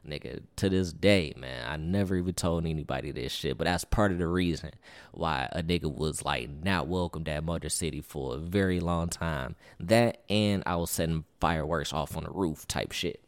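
Young man, very low voice, rambling profane storytelling, dry close sound. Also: normal speed, no echo. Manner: rambling, profane, fillers like "or whatever". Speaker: podcast host. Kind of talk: casual storytelling.

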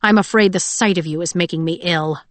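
A woman's voice: fairly low pitch, fairly quick, dry recording, lightly acted. Woman voicing a hissing, cruel queen. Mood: menacing. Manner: hissing, sneering.

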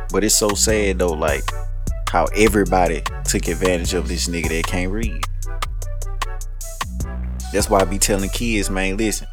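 Casual podcast host, male, laid-back and laughing, over a music bed. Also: fairly low pitch. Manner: loose, laughing, profane street talk. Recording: music playing underneath.

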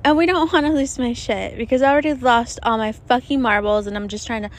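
A fast-talking young woman with a voice on the high side hosts her own podcast, rambling casually on her own. The recording happens outdoors in the desert, with planes passing overhead. Expect profanity, self-mockery, lots of chat and frequent laughter.

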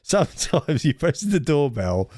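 A man's voice: on the high side, very animated, a little slow, darkish tone, no room sound, clean studio sound. A man co-hosting a casual podcast chat, telling rambling stories and laughing often. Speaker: podcast co-host.

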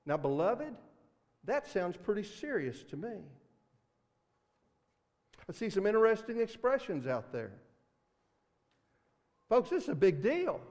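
A man with a Mississippi accent preaching a sermon as pastor, earnest, swinging between loud emphasis and hushed asides. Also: sits high, very animated, unhurried, pauses often, in a large hall. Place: church sanctuary.

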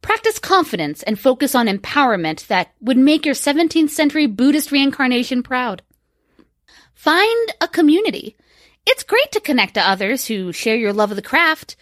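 A woman's voice: sits high, big pitch swings, normal speed, a bit bright, no echo, studio quality. A young woman co-hosting a podcast, chatting casually, rambling and swearing with frequent laughter. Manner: giggly, profane, rambling. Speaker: podcast co-host. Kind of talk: casual chat.

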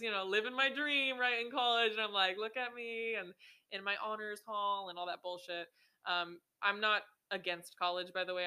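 Young woman, 20s, podcast host; casual storyteller, salty language, smooth tense-bright tone. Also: on the low side. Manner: casual, swears often, many ums and likes.

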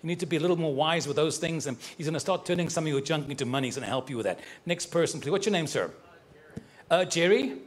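A man's voice: a little high, fast talker. A man preaching live and giving personal prophecies, speaking straight to people in the congregation in a fervent, affectionate way, joking and laughing as he goes. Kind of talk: live prophetic sermon addressing individuals in the congregation.

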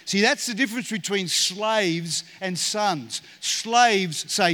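A man's voice: high-pitched, slow pace, few pauses, bright, forceful tone. A man preaching a sermon as pastor, earnest and acting out short quoted dialogue.

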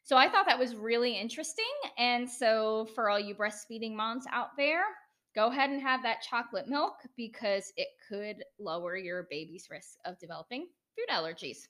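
A woman's voice: on the high side, moderate pace, fairly bright tone. An American woman hosting a solo educational podcast, chatty and enthusiastic, with self-deprecating asides. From United States. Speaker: podcast host.

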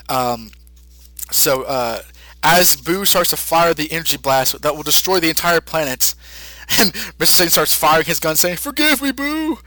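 A man's voice: fairly high pitch, bright, forceful tone, no room sound, rough recording. A man co-hosting a podcast, casually recapping a story with lots of fillers and frequent laughs. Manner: chatty, many fillers, laughs often. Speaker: podcast co-host.

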